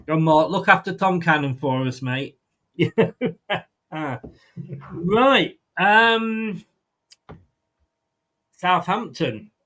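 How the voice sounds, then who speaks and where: A man's voice: sits high, very slow, long pauses, sharp tone. Rambling man hosting a football chat. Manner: rambling, with frequent ums and restarts. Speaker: host of a football prediction show. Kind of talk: casual chat.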